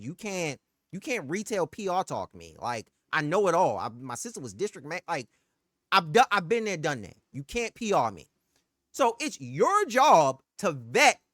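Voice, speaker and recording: A woman's voice: mid-range voice, fairly bright tone, no room sound, studio quality. A woman telling a heated, profane story about a bad purchase, in casual storytime style. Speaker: streamer telling a personal story.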